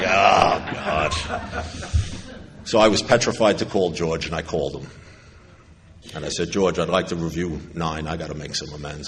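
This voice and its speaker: A middle-aged man with a lowish voice tells his recovery story to a convention crowd, slipping into the voices of the people in it. His talk rings through a big echoing hall with faint room noise behind it. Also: moderate pace. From New York. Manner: storytelling, acting out others' lines, wry humor. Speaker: AA convention speaker. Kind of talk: personal recovery talk to an audience. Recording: echoey hall with faint ambience.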